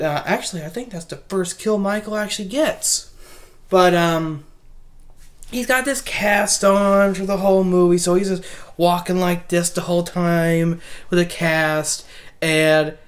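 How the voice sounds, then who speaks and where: A woman giving a casual spoken movie review, rambling and animated, with many restarts. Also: fairly low pitch, measured pace.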